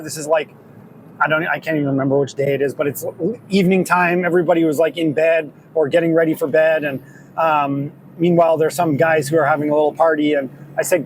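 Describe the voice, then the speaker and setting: A man's voice: a little high, level tone, brisk, poor audio. A man hosting a podcast, talking through a story in an earnest, rambling way with many restarts, recorded in his truck. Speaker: podcast host, discipleship school leader. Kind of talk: casual reflective monologue. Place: in a truck on a drive. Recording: faint vehicle noise. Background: vehicle ambience.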